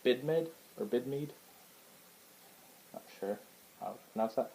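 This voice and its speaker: A man's voice: mid-range voice, measured pace, vocal fry, dark tone, a little hiss or hum, low-quality recording. A man casually showing his book collection to the camera in a rambling, hesitant way, with lots of fillers and restarts. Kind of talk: casual show-and-tell vlog. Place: indoors at home.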